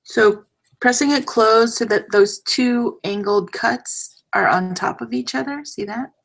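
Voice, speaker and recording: A young woman talks her way through a craft project on a livestream, unhurried and drawn out. Her voice has a gravelly, fried edge, and she chats in a self-deprecating way, her sentences trailing off while her hands are busy. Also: fairly high pitch, low-quality recording. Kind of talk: casual crafting demo.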